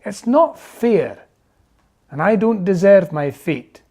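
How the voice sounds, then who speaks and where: Casting: reader voicing a whiny, self-pitying little male owl for a storybook, slow and mellow. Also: mid-range voice, animated, husky, exaggerated voice. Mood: pleading. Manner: whiny, moaning, pleading. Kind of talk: storybook reading.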